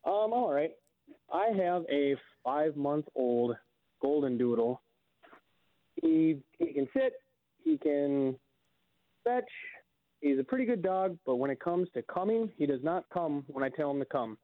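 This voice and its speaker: A man calls in over a thin, tinny phone line, his voice gravelly and rising and falling a lot in pitch. He talks haltingly, repeating himself before getting his words out. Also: sing-song, no echo. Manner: hesitant, halting speech. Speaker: caller.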